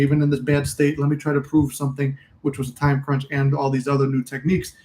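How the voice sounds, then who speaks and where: A man's voice: mid-range voice, warm tone, slight background noise, rough recording. A man hosting a casual livestream, talking candidly in a rambling way, cursing freely and reading out and answering viewer comments. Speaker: livestream host.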